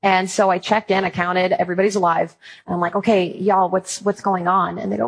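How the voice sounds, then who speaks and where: Woman in her thirties, husky timbre, church speaker, animated and funny storyteller. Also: fairly low pitch, brisk, low-quality recording. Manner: animated storytelling with playful humor. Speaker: Christian speaker on apologetics and parenting. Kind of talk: talk to an audience.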